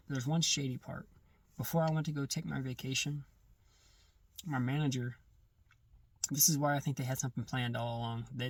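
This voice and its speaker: A man recounting a personal testimony in casual first-person storytelling, halting and often restarting or correcting himself mid-sentence. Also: mid-range voice, no room sound, recorded from a distance.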